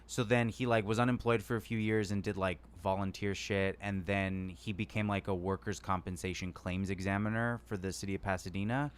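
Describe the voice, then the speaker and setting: A man co-hosting a comedy podcast, telling stories in an animated way and acting out what others said. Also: on the low side, a little fast, few pauses, clean tone. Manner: animated storyteller, acts out quotes loudly. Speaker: podcast co-host. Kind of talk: casual comedic storytelling.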